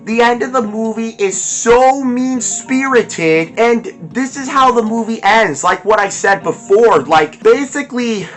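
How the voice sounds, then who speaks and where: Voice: mid-range voice, a little slow, hardly any pauses, soft background music. A movie reviewer ranting in an exasperated way, firing off rhetorical questions and using lots of fillers.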